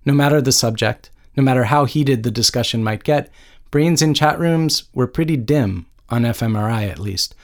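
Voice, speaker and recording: A man's voice: medium pitch, moderate pace. A man reading a novel aloud as an audiobook narrator, with a dry, wry storytelling manner. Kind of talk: scripted narration.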